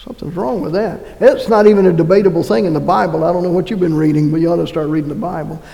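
A man preaching a sermon as pastor, reading scripture aloud in an animated way. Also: on the high side, fast talker, vocal fry, big-room sound, poor audio. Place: church.

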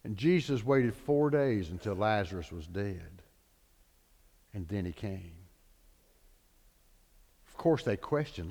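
A man's voice: mid-range voice, very animated, a little slow, pauses often, a little mellow. A man preaching a sermon, a dramatic preacher who acts out the people in his stories. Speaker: pastor. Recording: long hall reverb.

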